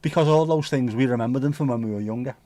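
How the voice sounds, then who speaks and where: A man's voice: mid-range voice, quick pace, warm tone, dry recording. A man with a Scouse accent hosting a livestream, chatting casually in a rambling, jokey, sweary way. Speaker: livestream host. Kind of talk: casual chat.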